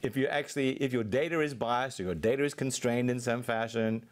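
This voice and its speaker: A man being interviewed as a technology executive, explaining his points fluently and in a measured way. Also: mid-range voice, fairly even intonation. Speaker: Microsoft technology executive, guest. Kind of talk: interview answers.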